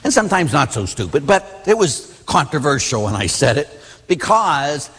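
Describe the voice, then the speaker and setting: A man, a Catholic priest, teaches a class in a blunt, animated storytelling manner. His slightly high voice swings widely up and down. A long reverb trails behind him, as in a large hall. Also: normal speed, husky.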